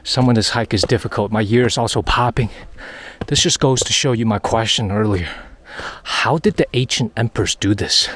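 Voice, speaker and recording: A man's voice: lowish voice, normal speed, fairly bright tone, slightly rough. Chatty man vlogging on a mountain hike. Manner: chatty, repeats phrases, thinks aloud. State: out of breath while hiking. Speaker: travel vlogger. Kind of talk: walking travel vlog narration. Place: outdoors on a mountain trail.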